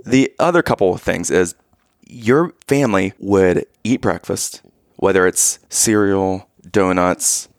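A man co-hosting a podcast, telling a family road-trip story in casual chat, animated and rising to exasperated outbursts. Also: deep voice, slow, dry recording, studio quality. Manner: animated, rising to loud exasperation when quoting himself. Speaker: podcast co-host.

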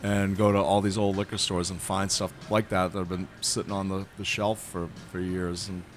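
A middle-aged man from Massachusetts telling lively stories in a casual chat, acting out the voices of the people he quotes. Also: low voice, normal speed, slight background noise. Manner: animated storyteller, acts out voices in quotes. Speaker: bar consultant and guest.

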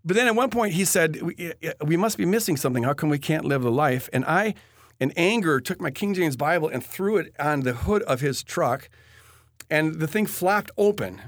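A man telling a personal faith story in an earnest, halting way, often restarting his sentences. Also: a little high, expressive, no echo, studio quality. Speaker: guest telling his testimony.

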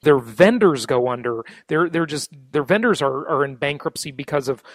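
A male podcast host with a fairly high voice, recorded dry and close. He talks with a guest conversationally, agreeing readily and giving his own opinions. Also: lively intonation, normal speed, no room sound. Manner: agreeable, says "fair enough". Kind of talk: interview hosting.

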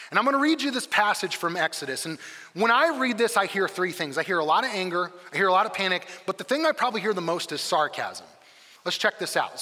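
A man preaching a sermon as a campus pastor, telling the story in a lively way and acting out the quoted lines. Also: high voice, big-room sound.

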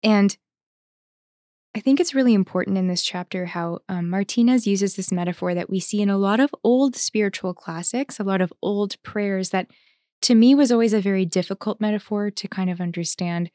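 A woman's voice: mid-range voice, mellow, no room sound. Thoughtful woman, religious sister, dry close sound. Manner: thoughtful, pauses with fillers, laughs easily. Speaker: religious sister, podcast co-host. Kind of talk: reflective conversational discussion.

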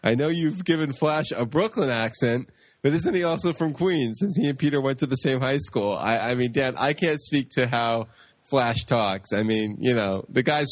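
A man's voice: mid-range voice, lively intonation, normal speed, no echo. Goofy man co-hosting a podcast. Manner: goofy, joking. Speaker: podcast co-host. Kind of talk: casual podcast chat.

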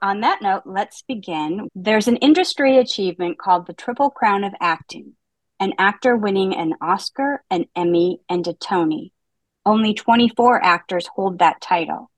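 With lively intonation and a medium-pitched voice, a woman speaks at a moderate pace on a dry, poor-quality recording. She hosts a book podcast, reading her prepared intro and leading an informal book-club chat marked by dry, self-mocking jokes.

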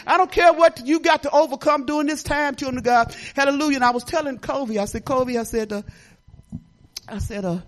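An older woman preaching a testimony at church, fervent and repetitive, with bursts of laughter and sudden shouts. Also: high voice, normal speed. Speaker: church speaker.

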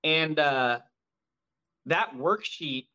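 A man, a mortgage broker owner, talking as a guest in a casual podcast conversation, with high-energy, animated storytelling. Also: very slow, dull audio.

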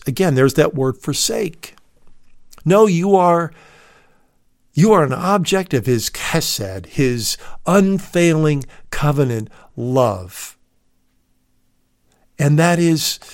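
A radio preacher with a medium-pitched, animated voice delivers a recorded sermon slowly, calling listeners "dear friend." He is emphatic, swelling on key words, and the studio-quality recording has no echo.

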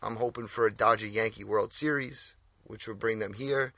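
Gravelly laid-back New man. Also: lowish voice, fairly even intonation, moderate pace, bright, forceful tone, no echo. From New York. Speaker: podcast co-host. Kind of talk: casual chat.

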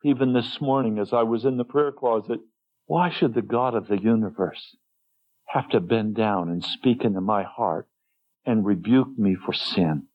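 A man preaching a sermon in an earnest, emotional way, his voice often dropping low and soft. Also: moderate pace. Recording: muffled lo-fi sermon recording.

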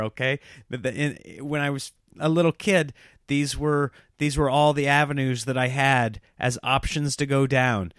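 A man in his thirties, a stand-up comedian, telling animated, self-mocking stories in a casual monologue and laughing at himself. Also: medium pitch, no echo, studio quality.

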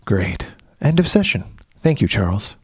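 A man voicing a creepy middle-aged uncle who questions a boy in a soft, prying, overly friendly way, read aloud as a film scene. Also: fairly low pitch, very animated, a little slow, breathy edge, no room sound, clean studio sound, pitched below the performer's own voice, full character voice. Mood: coaxing.

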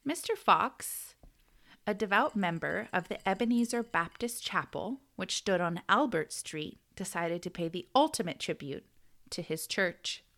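A woman's voice: on the low side, animated, unhurried, a bit bright. An American woman co-hosting a podcast, chatting casually and laughing often as she tells a story. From United States. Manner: giggly, storytelling. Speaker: podcast co-host. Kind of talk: casual chat.

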